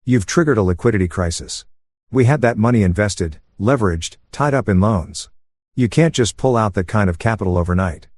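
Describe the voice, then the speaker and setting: Casting: narrator doing a frantic condescending banker, low voice, dry. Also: male voice, expressive, fairly quick, darkish tone, no room sound. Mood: panicked. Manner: panicked, pleading. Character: panicking condescending male banker.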